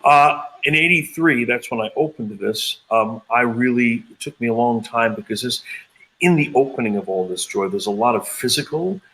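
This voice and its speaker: A man's voice: mid-range voice, lively intonation, normal speed, sharp tone, low-quality recording. A man in his fifties, a channeler being interviewed, telling his story in a rambling way with many hesitations and quoted dialogue. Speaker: intuitive channeler, interview guest.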